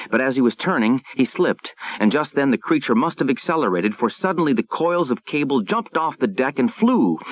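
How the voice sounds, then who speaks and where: A man narrating an audiobook in a measured, dramatic storytelling manner, recorded close to the mic. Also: mid-range voice, dry recording, poor audio.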